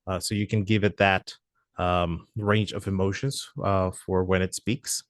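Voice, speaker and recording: Lowish-voiced guy explaining software stuff, says uh constantly, dry close sound. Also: little pitch movement, measured pace, dry recording. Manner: hesitant, many "uh" fillers. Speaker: product presenter. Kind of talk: software feature walkthrough.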